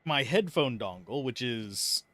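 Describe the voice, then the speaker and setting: Sitting at his desk at home, a man chats aimlessly while livestreaming a game, letting out the odd swear word when things annoy him. His intonation is lively and his pace measured, with a mid-range, fairly bright voice. He's recorded close on earbuds at a PC, with no room sound.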